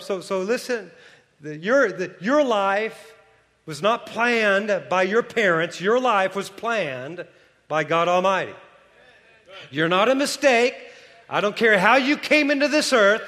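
A male pastor with a notably high voice delivers a sermon. He drops to soft asides and then climbs back to loud, emphatic declarations. The sound carries the long reverb of a big hall.

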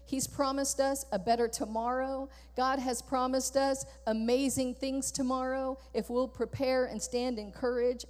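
Woman pastor, high voice, emphatic repetitive preaching, long church-hall reverb. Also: a little mellow. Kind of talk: sermon. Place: church sanctuary.

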